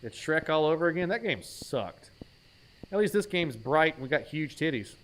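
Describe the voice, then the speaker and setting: A man's voice: on the high side, expressive, normal speed, fairly bright tone, slight background noise. Joking gaming streamer guy. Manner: jokey, self-mocking, names items aloud while playing. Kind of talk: casual let's-play commentary.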